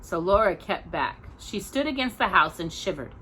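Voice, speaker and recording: A woman reads a children's novel aloud as a storytime host, gentle and expressive. Her voice is bright and her pitch moves a lot. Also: husky. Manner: gentle and expressive, pausing for coughs.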